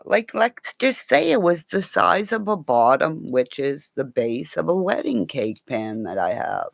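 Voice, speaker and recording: Gravelly, lively-voiced woman rambling at home. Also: extremely low pitch, no room sound. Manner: rambling, talks to her dog in baby talk. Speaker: vlogger. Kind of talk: casual rambling live chat. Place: at home, indoors.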